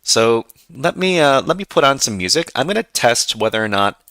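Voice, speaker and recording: A man's voice: medium pitch, big pitch swings, moderate pace, sharp tone, no room sound. A man hosting a livestream tutorial, talking in a loose, conversational and self-deprecating way. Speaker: host of a hacking livestream.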